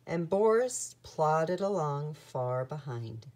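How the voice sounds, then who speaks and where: A woman reading a children's picture book aloud with an expressive storytelling manner. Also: low voice, takes it slowly.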